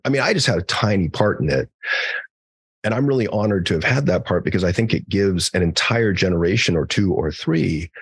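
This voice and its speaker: A man's voice: deep voice, husky, dry recording. A man, a psychologist guest on a podcast, telling stories in a casual conversational way, acting out quoted dialogue and swearing now and then. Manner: frequent fillers and restarts, casual swearing.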